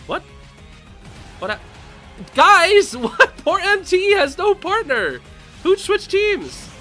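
Brief: young male gaming host, high lively voice, bright tone, faint game music under him. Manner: excitable, laughing, loud outbursts. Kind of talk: casual live game commentary.

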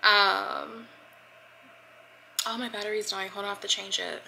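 A woman's voice: mid-range voice, little pitch movement, a little slow, creaky, background noise. A woman vlogger telling a personal story to her viewers in casual chat, with lots of fillers. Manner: chatty, addresses viewers as y'all, many fillers. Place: at home getting ready.

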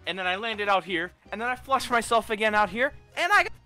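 A man's voice: high-pitched, big pitch swings, quick pace, sharp tone, soft background music. A young man joking around goofily in a game voice chat. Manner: goofy, joking. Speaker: player in voice chat. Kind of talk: casual gaming banter.

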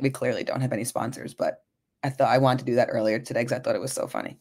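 On her solo podcast, a woman lifestyle coach talks frankly and chattily, swearing and often checking in with "right?". Her bass voice is steady, darkish, and slightly rough, and she speaks at a racing pace.

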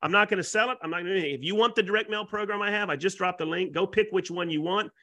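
Talking very fast, a Florida-based man who is both a realtor and a YouTuber pitches on a webinar as a guest speaker, brimming with excitable salesmanship and folksy overstatement.

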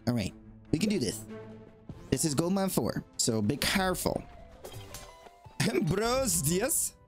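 A man playing a video game and commenting as he goes, excitable and talking to the game, with sudden high yelps when he panics. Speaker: gaming YouTuber. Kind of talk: let's play commentary.

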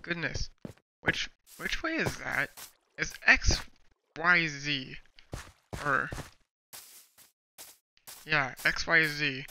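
A man's voice: a little high, extremely slow, gravelly, long pauses, sharp tone, a little hiss or hum, poor audio. A man giving casual gameplay commentary on a headset mic, chatty and rambling as he talks to himself. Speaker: gaming streamer.

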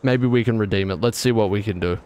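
A man's voice: fairly low pitch, fast, a little mellow, slight background noise. A man streaming a video game, rambling and correcting himself, with exasperated outbursts. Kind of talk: casual gameplay commentary.

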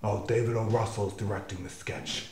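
A man's voice: lowish voice, steady tone, moderate pace, a little mellow, slight background noise, natural voice. A man playing a melodramatic young actor in a comedy sketch who swings from muttering to manic screaming. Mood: scheming. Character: melodramatic young male actor, fame-hungry, shouting. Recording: echoey room.

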